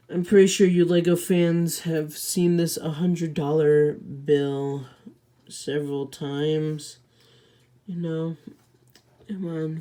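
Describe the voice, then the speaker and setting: A woman's voice: fairly low pitch, dark tone. A woman giving a casual, rambling toy set review, hesitant with many fillers and restarts, tossing in offhand self-mocking asides.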